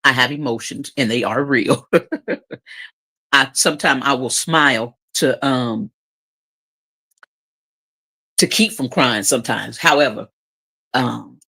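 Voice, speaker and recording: A woman's voice: rumbling low, a little slow, pushed and bright, slightly rough. A woman giving emotional, opinionated commentary on her channel, sarcastic and emphatic, repeating her points. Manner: emotional, says she cries easily. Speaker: commentary vlogger.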